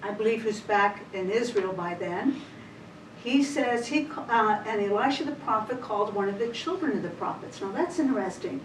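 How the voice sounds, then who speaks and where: A woman's voice: medium pitch, expressive, normal speed. A woman teaching a women's Bible study, retelling scripture in a chatty, everyday way. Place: church meeting room. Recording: roomy hall, distant mic, faint hiss.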